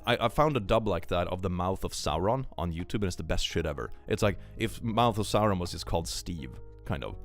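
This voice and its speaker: A man's voice: deep voice, expressive, fairly quick, hardly any pauses, faint music behind. A young man chatting casually on a live stream, joking and laughing often.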